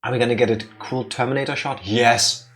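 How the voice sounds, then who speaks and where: A man hosting a let's play, commenting on the game in an excitable, joking way with quick asides. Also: mid-range voice, faint music behind. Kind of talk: casual gameplay commentary.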